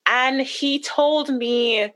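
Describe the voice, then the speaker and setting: A woman candidly recounting a painful personal story as a guest, with emotional retellings and quick asides. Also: high voice, fairly bright tone. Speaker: podcast guest.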